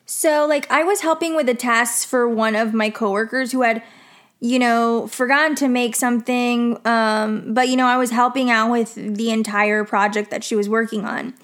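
Casual storytime girl, voice a touch high, rambly, drops "like" everywhere and curses. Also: fairly even intonation, moderate pace, a bit bright. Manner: chatty, lots of "like" and "you know", swears freely. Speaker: vlogger telling a work story.

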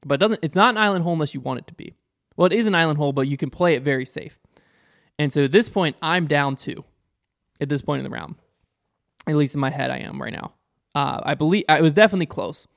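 A young man with a slightly raised voice tells a long story in casual conversation. He is animated and quick, and he acts out the people he quotes. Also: on the high side, gravelly. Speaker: podcast guest or host, disc golfer.

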